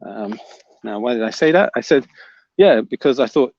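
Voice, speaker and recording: A man with a medium-pitched, somewhat dark voice hosts a casual livestream, reading viewer comments aloud and teasing the chatters. He sounds animated, talks at a normal speed, and has some vocal fry. The recording is lo-fi with no room sound.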